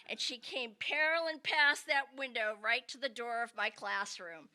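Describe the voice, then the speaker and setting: A woman comedian telling a comic childhood story in an animated, expressive way. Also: high voice, unhurried.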